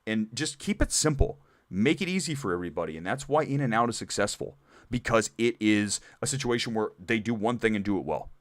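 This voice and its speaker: Candid low-voiced man hosting. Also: brisk, no echo. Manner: animated and candid, rambling asides. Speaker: movie talk show host. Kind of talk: live-stream chat reading viewer comments.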